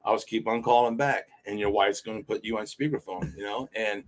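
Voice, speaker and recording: A man's voice: on the low side, fairly even intonation, fairly quick. Rambling, profane man chatting casually. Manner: rambling storyteller, profane, leans on "you know". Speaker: fill-in podcast co-host. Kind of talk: casual chat.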